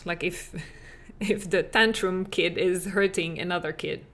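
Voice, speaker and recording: A woman's voice: lowish voice, steady tone, a little slow, few pauses, fairly bright tone. Earnest woman podcast host coaching parents. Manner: earnest, conversational, many "like" fillers. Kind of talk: solo podcast talk.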